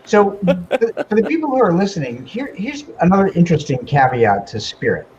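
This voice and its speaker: A man with a fairly high, lively voice tells an emotional personal story on a talk show, full of ums and restarts. The audio is dull and lo-fi, with a faint hiss underneath. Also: brisk. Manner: emotional, animated storyteller with many fillers. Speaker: guest medium and author.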